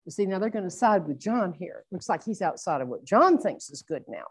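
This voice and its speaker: A middle-aged woman preaching a sermon, earnest and reflective, slowing down to stress her points. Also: on the low side, sing-song, breathy edge. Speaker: Bible teacher.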